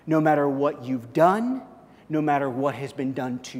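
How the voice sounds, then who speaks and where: A middle-aged male pastor preaching a sermon, swinging from loud, emphatic calls to hushed, quiet passages. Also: mid-range voice, normal speed, long reverb tail.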